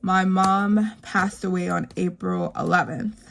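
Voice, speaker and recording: A woman in her thirties talks through her savings envelopes slowly, pausing often with fillers. Her voice sits a little low and has a gravelly fry. A faint hiss runs under the recording. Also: steady tone, a bit bright. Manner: rambling, heartfelt, frequent fillers, whispered counting. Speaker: savings vlogger. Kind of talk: casual chat while stuffing savings envelopes.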